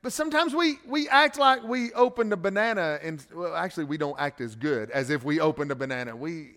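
A high-pitched male pastor preaching in a church sanctuary, his voice trailing off into the long reverb of a big room. He surges into loud, emphatic declarations, then drops to a quiet, chatty tone, often repeating a word as he restarts a phrase. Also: expressive, fairly quick. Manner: swings between loud emphatic preaching and quiet conversational asides. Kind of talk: sermon.

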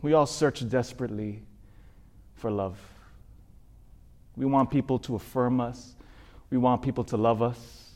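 A man giving an emotional sermon testimony, pleading, with halting repetitions as he tells his story. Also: medium pitch, fairly even intonation.

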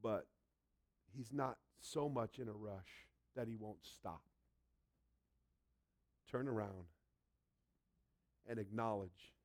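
A man preaching a sermon emphatically, swinging between loud and soft and acting out quotes from the story. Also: mid-range voice. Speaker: pastor.

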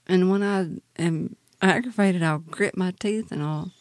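A woman's voice: on the low side, a little slow, hardly any pauses, darkish tone, no echo. Woman, podcast co-host, casual storytelling, dry recording. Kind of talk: casual chat.

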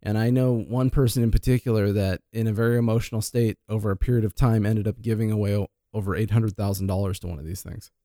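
A man who is a financial planner, chatting on a talk show. He tells stories in an animated way, acting out quoted lines and often restarting and repeating words. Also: lowish voice, quick pace, few pauses, no echo, clean studio sound. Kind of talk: casual radio chat.

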